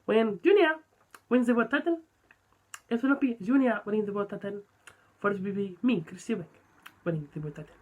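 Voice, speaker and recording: A man doing a pompous impression of a proud male boxer, declaiming in a formal, quiet tone. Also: high voice, fairly quick, pauses often, recorded from a distance, muffled recording. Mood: grandiose.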